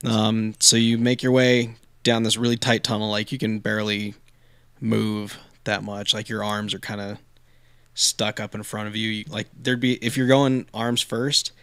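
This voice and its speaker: A man's voice: lowish voice, flat delivery, moderate pace, fairly bright tone, clean tone, no echo. A man narrating as game master, loose and chatty, full of ums and likes, correcting himself as he goes.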